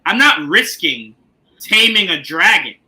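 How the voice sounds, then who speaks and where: A man hosting a casual TV recap chat, animated and joking, often slipping into comic impressions. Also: high voice, measured pace, rough recording. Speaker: podcast host.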